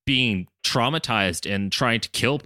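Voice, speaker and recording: A man's voice: mid-range voice, measured pace, sharp tone, no room sound, studio quality. A man co-hosting a podcast, chatting casually and with lots of swearing as he recaps a cartoon episode and quotes the characters. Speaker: podcast co-host.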